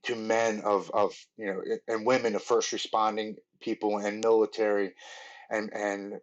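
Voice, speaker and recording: A man in his forties with a lowish voice shares his story as a podcast guest. He talks earnestly and in a rambling way, full of "like" and restarts. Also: little pitch movement, normal speed, highs cut off. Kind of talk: telling his recovery story.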